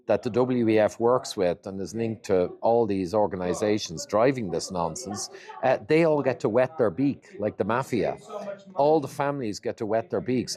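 As an interview guest, a man with a mellow, mid-range voice sets out his points one by one, emphatically and in list form.

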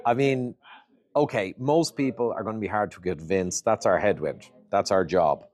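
Speaking at a moderate pace in a lowish, darker voice, a man answers questions as an interview guest. He stresses each point firmly and runs through them like items on a list.

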